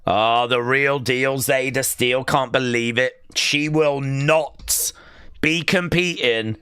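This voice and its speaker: A young man hosting a live wrestling watch-along, calling the action and chatting with viewers, often shouting at big moves. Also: mid-range voice, slow, smooth, no echo, clean studio sound.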